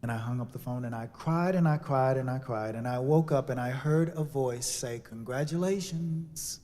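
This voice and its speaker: A man telling a personal story as a sermon, with dramatic shifts from hushed to loud. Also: mid-range voice, moderate pace. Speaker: speaker. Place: church sanctuary. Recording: long hall reverb.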